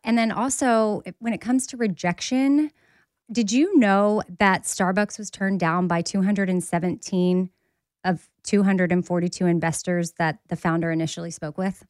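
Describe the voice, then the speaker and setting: Woman podcast co-host, animated, casual, dry recording. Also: mid-range voice, moderate pace, dry recording. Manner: chatty, animated, laughs often. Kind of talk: casual chat.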